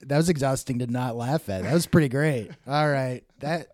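A man co-hosting a casual comedy podcast, playful and quick to laugh, describing comic strips. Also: medium pitch, a little mellow, no room sound. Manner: playful, laughs easily, puts on silly voices for characters. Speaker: podcast co-host.

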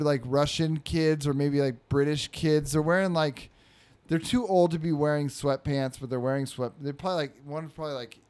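In a somewhat high, slightly mellow voice with a clean tone, a man tells a story in casual chat. He rambles with lots of fillers and acts out quotes in a raised voice.

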